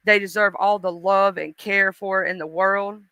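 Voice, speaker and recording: A woman's voice: medium pitch, steady tone, moderate pace, sharp tone, clean tone, no room sound, low-quality recording. A woman hosting a casual live stream, chatting and laughing, greeting viewers by name.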